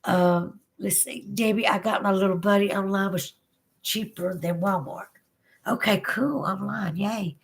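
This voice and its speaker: A woman's voice: medium pitch, a little slow, creaky, breathy edge. A woman with a Southern US accent hosting a casual livestream, chatting with viewers and reading their comments aloud, drawling and giggly. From Southern United States. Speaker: livestream host.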